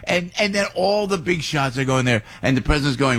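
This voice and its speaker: A middle-aged man, hosting a radio show and telling a rambling, excitable story. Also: a little high, brisk, dry recording. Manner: excitable, rambling, acts out other voices. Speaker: radio host.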